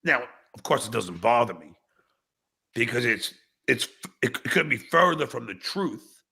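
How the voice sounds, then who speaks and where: Brief: male podcast host, furious profane livestream rant, gravelly, bright edge, voice swings wide. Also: medium pitch, sing-song, unhurried. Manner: angry, profane, bursts into shouting; reads viewer chats aloud with mocking replies. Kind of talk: livestream rant at chat commenters.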